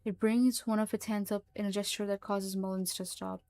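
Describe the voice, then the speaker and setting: A woman narrating a horror story in a slow, hushed, even manner. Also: medium pitch.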